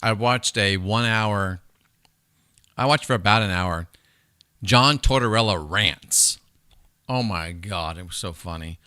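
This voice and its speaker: A man hosts a livestream in a loose, rambling way, swearing freely and speaking directly to the viewers in his chat. His voice sits fairly low but has a bright, forceful edge. The sound is close and dry, with no room echo. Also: a little slow, pauses often, smooth. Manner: profane, rambling, talks straight to chat viewers. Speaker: livestream host.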